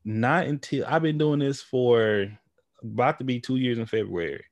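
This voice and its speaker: A man's voice: mid-range voice, moderate pace, a little mellow, dry recording. A man hosting a podcast in casual conversation, loose and rambling, laughing often and acting out relatives' voices as he tells stories. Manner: acts out relatives' voices while telling stories. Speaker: podcast host.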